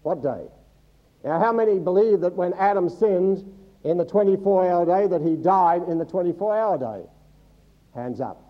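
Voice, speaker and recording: High-voiced male preacher, dull recording. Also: lively intonation, normal speed. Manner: teaching Bible, quizzing the congregation with humorous asides. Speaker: pastor. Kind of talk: sermon. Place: church service before a congregation.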